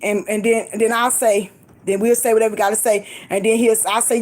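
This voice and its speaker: Woman vlogger, high voice, swooping, emphatic, laughs a lot. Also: a little fast. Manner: lively and emphatic, laughs often, swoops up and down in pitch. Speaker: faith vlogger. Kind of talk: casual preachy encouragement.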